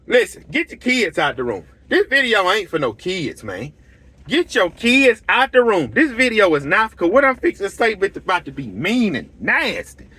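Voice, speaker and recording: High and sharp-toned, a middle-aged man rants bluntly and heatedly to camera in a casual way. He owns a lawn care business and hosts the channel, and his repetitive stories come with conversations acted out in quoted dialogue.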